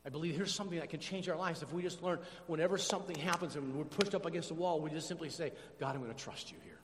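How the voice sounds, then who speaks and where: A man pastor preaching a sermon to his congregation, animated, calling for responses from the church. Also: a little high, quick pace, hardly any pauses, a little hiss or hum. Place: church sanctuary. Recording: long hall reverb.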